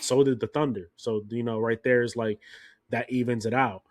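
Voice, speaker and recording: A young man co-hosting a podcast, telling stories in casual sports chat, animated and freely swearing. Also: medium pitch, moderate pace, no echo, studio quality. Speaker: podcast co-host.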